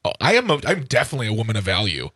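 Animated, mocking man co-hosting. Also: lowish voice, very fast, husky, no room sound, studio quality. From Midwestern US. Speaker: podcast co-host. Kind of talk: casual chat.

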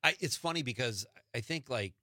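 A man's voice: mid-range voice, lively intonation, pushed and bright, no echo, clean studio sound. A man from Wisconsin hosting a radio talk show, easygoing and joking with his guest. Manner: easygoing, joking, quick to laugh along. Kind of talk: casual radio interview chat.

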